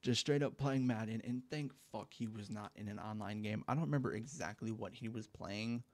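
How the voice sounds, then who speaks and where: A man's voice: on the low side, a little fast. A young man casually telling a story time, rambling and profane, with lots of filler words, on a headset mic at home. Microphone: gaming headset mic.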